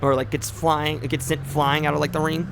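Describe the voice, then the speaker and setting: A man's voice: on the high side, little pitch movement, a little fast, vocal fry, noisy background. A man streaming a driving game, talking in rambling, joking asides full of fillers. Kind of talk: casual gameplay commentary.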